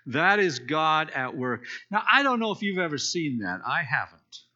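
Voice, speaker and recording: Very animated and fairly high-pitched, this man's pushed, bright voice moves at a moderate pace as he teaches a Bible study. He retells a scripture story casually and explanatorily, with fillers and restarts, on a dull lo-fi recording.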